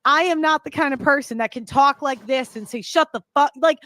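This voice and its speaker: Sex: woman. Role: panel guest. Style: heated panel discussion. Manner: exasperated, defensive. Pitch: somewhat high. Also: brisk, pushed and bright.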